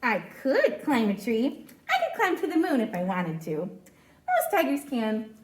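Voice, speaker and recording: A woman's voice: a little high, wildly swooping pitch, a little slow, echoey room, voice pushed down. A woman voicing a small, boastful mouse who insists he is a tiger, reading a storybook aloud. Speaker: storytime reader.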